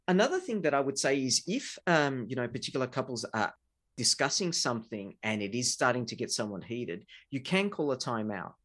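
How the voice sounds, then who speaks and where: Husky man explaining relationships. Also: medium pitch, fairly bright tone. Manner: earnest, explaining with examples. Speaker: relationship researcher. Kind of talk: explanatory interview talk.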